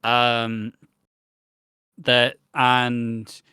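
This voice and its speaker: Bright-voiced man, casual. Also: medium pitch, completely flat delivery, extremely slow, smooth, dry recording, studio quality. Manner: rambling, swears freely, acts out quotes. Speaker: podcast co-host. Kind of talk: casual chat recapping a soap.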